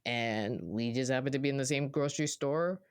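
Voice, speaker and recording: A therapist co-hosts a casual podcast, talking at a middle pitch through easygoing stories. Bits of dialogue get acted out with jumps in voice. The sound is dry and close, with no room around it. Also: normal speed, smooth, no room sound. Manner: animated storyteller who acts out quoted voices.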